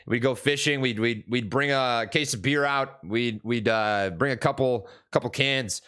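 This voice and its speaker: A man's voice: medium pitch, normal speed, pushed and bright, smooth. A young man from Minnesota, casually chatting on a live stream about stocks, rambling with many fillers and restarts while answering chat.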